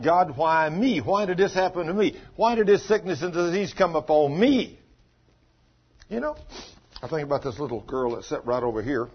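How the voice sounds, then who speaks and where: A man's voice: medium pitch, slightly rough, muffled recording. A man preaching a sermon, telling stories and acting out the voices of the people in them. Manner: folksy storytelling preacher, acts out dialogue. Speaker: pastor. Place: small church.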